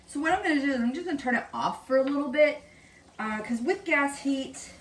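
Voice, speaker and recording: A woman's voice: fairly high pitch, echoey room, recorded from a distance, a little hiss or hum. A woman hosting a casual cooking vlog in her home kitchen, chatting and explaining as she works.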